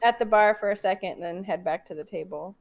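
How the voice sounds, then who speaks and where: A woman playing a tabletop game, chatty and quick to laugh. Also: medium pitch, phone-quality sound. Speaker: player. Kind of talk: casual tabletop game play.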